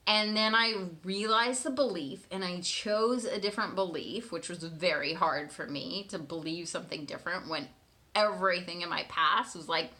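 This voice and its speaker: A woman telling her partner a personal story in a candid, animated way, swearing freely and often checking in with "right?". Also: on the low side. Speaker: manifestation coach.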